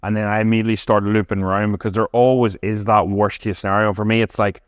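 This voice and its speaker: A man chats as a podcast guest, rattling through anecdotes at a brisk clip and swearing freely. His voice sits fairly low, and the sound is close and dry with little room echo. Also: clean tone. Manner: fast, animated storytelling with frequent swearing. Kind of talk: casual chat.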